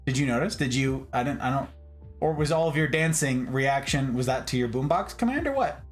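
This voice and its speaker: Streaming from home late at night, a man talks to his chat in a lively, playful manner, speaking fairly quickly. Faint soft music sits behind his voice, which moves up and down widely from line to line.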